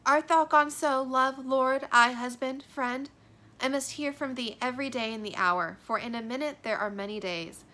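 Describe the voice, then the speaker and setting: A lovesick young girl speaks in heightened, emphatic verse, read aloud by a woman. Her voice is bright and ringing, and she stresses each word with feeling. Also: high voice, moderate pace, voice pushed up. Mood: anguished. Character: young lovesick girl, Juliet, anguished and passionate. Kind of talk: dramatic reading of a play.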